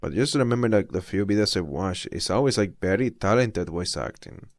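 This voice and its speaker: A man's voice: on the low side, lively intonation, brisk, no echo, studio quality. A young adult man streaming casual reaction commentary, rambling and laid-back.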